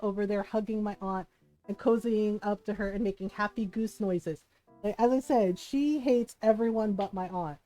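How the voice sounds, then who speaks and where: A woman streamer chatting casually while she plays a game, laughing often and retelling a story with lively quoted voices. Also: medium pitch. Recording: dry close mic with faint game music.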